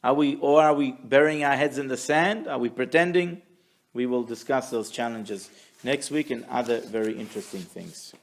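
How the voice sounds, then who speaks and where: A man teaching a weekly Torah class who tells stories in a lively way and acts out the people in them. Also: medium pitch, moderate pace. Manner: animated storyteller, acts out quotes. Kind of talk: storytelling Torah lesson.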